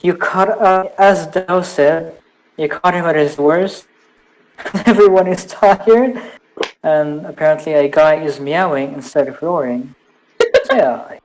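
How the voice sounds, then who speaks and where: A man's voice: on the high side, slow, a little hiss or hum. A man co-hosting a podcast over a voice call, chatty and apologetic with a laugh. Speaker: podcast co-host. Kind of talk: casual chat over voice call.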